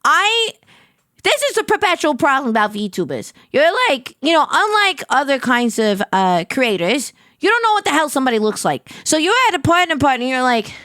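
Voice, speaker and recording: A woman streamer in casual, rambling chat with her viewers, excitable and heavy on filler words. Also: high-pitched, moderate pace, no echo, clean studio sound.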